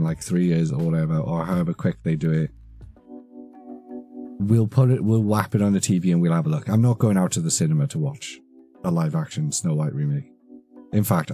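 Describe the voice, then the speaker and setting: A man in his thirties chats on a live stream, rambling and swearing as he goes. His voice sits low and mellow, and faint music plays behind him. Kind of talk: casual live-stream chat.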